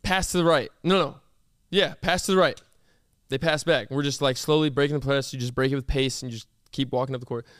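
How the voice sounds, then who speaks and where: A young man hosting a casual podcast, telling stories in an animated way and teasing his guest in loud, disbelieving bursts. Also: mid-range voice, brisk, smooth, no room sound, studio quality. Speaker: podcast host. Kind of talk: casual chat.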